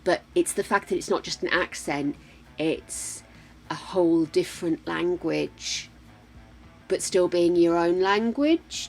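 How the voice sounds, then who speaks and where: A woman's voice: on the low side, measured pace, gravelly, darkish tone. An older British woman streaming a game, chatting casually with viewers, laughing often and muttering to herself as she plays. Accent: British English. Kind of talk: casual chat while playing. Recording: faint game music behind.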